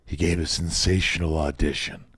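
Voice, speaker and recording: Husky and bass-voiced, a Midwestern actor in his forties from Indiana talks at a normal speed on a podcast, recorded in clean studio sound with no room sound. In a casual chat he animatedly recounts show-business stories and acts out quotes from others.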